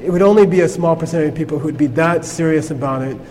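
A man's voice: on the high side, quick pace, darkish tone, in a large hall, slight background noise. A man teaching a Buddhist class in a conversational way, checking in with his listeners with frequent "okay?". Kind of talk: informal class lecture.

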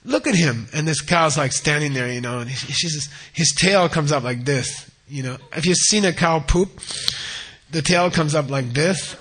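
A man telling a teaching story in a casual, animated, rambling way with many fillers. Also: a little high, normal speed, husky.

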